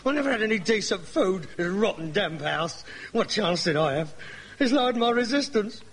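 Melodramatic whining grown son. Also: male voice, high-pitched, lively intonation, normal speed, fairly bright tone, slight background noise. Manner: theatrical, whining, self-dramatizing. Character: melodramatic hypochondriac grown son, pompous and whiny. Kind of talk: sitcom acting.

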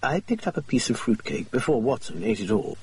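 A man reading a story aloud in measured, scripted narration. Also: mid-range voice, sing-song, darkish tone, husky, distant mic. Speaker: audiobook reader.

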